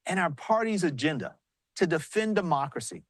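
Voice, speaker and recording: Man, south carolina accent, party chair, high voice, dry close sound, storytelling, rousing. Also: sing-song, normal speed, no echo. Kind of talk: live remarks on news broadcast. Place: large arena with commotion.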